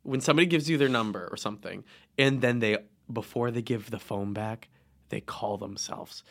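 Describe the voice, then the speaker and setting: A man co-hosting a casual chat podcast, telling stories in a sarcastic, deadpan way and often jumping into quoted voices. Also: mid-range voice, moderate pace, gravelly. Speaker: podcast co-host.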